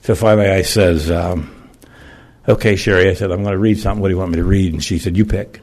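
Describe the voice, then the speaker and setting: A man's voice: deep voice, fairly even intonation, quick pace, a little mellow. An older man giving a plain-spoken, emotional personal testimony in church, with folksy phrasing.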